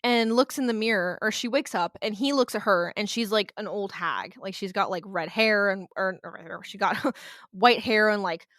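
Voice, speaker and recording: A podcast co-host retells a haunting in casual storytelling chat, blunt and sarcastic, swearing and laughing along the way. Her mid-range voice is a bit bright at a moderate pace, recorded with studio quality and no echo.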